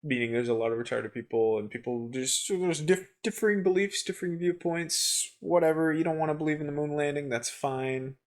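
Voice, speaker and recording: A man's voice: a little high, little pitch movement, fairly quick, hardly any pauses. A young man co-hosting a podcast in casual chat, making dry, easygoing remarks and explaining things. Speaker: podcast co-host.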